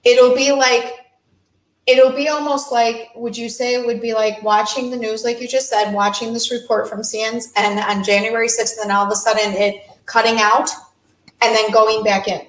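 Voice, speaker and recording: A woman's voice: fairly high pitch, level tone, normal speed. Chatty woman host, echoey room. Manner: chatty, agreeing, builds on co-host's points. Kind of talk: casual talk show hosting.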